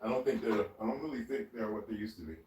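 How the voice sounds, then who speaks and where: A man with a lowish voice talks fast in a casual, rambling vlog from his home kitchen, laughing frequently and addressing his cat as he searches. He's recorded from a distance, so the audio is roomy and off-mic with faint noise.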